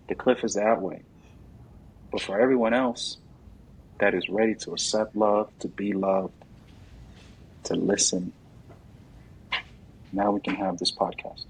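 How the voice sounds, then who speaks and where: A man speaking as a guest in a casual interview, animated and quick to act out what others say. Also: on the low side, gravelly, breathy edge, low-quality recording. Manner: animated, acts out quoted voices loudly.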